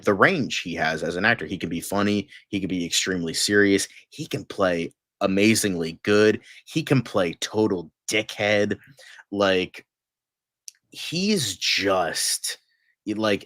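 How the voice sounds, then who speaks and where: Low-voiced guy rambling and gushing, tired late-night chat, dry close sound. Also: fairly bright tone, no room sound. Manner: gushing, rambling with many fillers. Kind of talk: casual chat.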